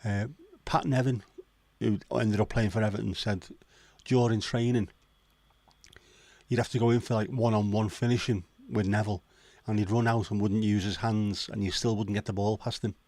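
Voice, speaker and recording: A Liverpool man hosts a casual chat livestream, joking, swearing and making chatty asides to viewers. His voice is fairly low and darkish, steady in tone, at normal speed with no echo.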